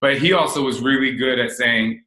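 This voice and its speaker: The recording is rough and echoey as a mid-range, normally paced voice comes through, belonging to a New Jersey host in his forties. Chatting casually, he shares frank, lively stories from his relationship.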